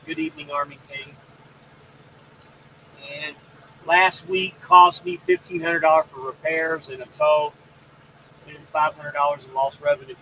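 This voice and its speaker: A man's voice: on the high side, bright, forceful tone, slight background noise, poor audio. A man hosting a casual live stream about trucking, rambling and greeting viewers by name. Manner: rambling, reads out viewer comments.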